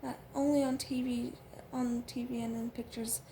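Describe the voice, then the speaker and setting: A woman narrates a novel in the first person, stumbling often over fillers and restarts. Her voice sits high. A faint hiss runs beneath the reading. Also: level tone, dark tone. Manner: halting, with frequent fillers and restarts. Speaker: audiobook reader.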